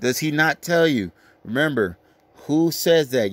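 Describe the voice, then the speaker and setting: A man giving a brash, crude, lecturing scripture rant, reading verses slowly and emphatically. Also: mid-range voice, expressive, fairly bright tone. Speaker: street preacher.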